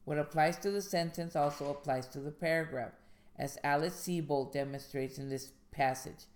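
A woman hosting a podcast on writing craft, reading aloud from a guide in a measured way and then talking it over loosely, with fillers and restarts. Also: low-pitched, fairly even intonation, a little mellow. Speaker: podcast host and indie author.

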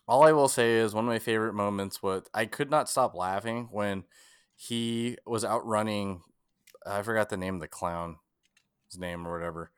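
A man's voice: lowish voice, steady tone, moderate pace, clean tone, dry recording, clean studio sound. A man in casual podcast chat, telling stories animatedly and laughing often. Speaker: podcast co-host. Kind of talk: casual movie review chat.

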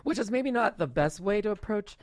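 A man's voice: sits high, animated, no room sound, clean studio sound. A man hosting a podcast, chatting casually in a playful, joking way. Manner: playful, jokey, quick restarts. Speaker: podcast host. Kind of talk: casual chat.

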